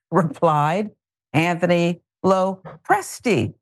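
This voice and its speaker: A woman's voice: fairly low pitch, normal speed, gravelly, no echo, clean studio sound. A woman hosting a news talk show, giving opinionated and sarcastic commentary. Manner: animated, exasperated, sarcastic. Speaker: host.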